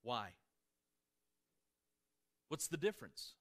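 A man with a Midwestern American accent, preaching a sermon to a congregation in a church, swinging between emphatic peaks and soft asides. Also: on the high side, very animated, a little slow, long pauses. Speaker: pastor. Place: church sanctuary before a congregation.

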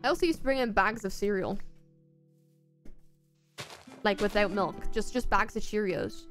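A woman's voice: medium pitch, moderate pace, faint music behind. A young Irish woman chatting casually while streaming a game, rambling along with playful asides. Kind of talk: casual chat while gaming.

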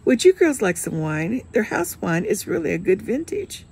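A woman's voice: medium pitch, sing-song, moderate pace, gravelly, breathy edge, exaggerated voice. Woman reading as a brooding middle-aged man. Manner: soft, musing, reflective. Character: brooding forty-five-year-old man drinking wine.

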